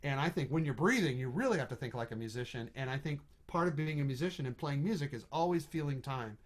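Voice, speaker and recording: A man's voice: mid-range voice, expressive, quick pace. A middle-aged man teaching trombone over a video call, talking casually, thinking aloud and singing rhythms on "da" syllables. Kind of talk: online music lesson.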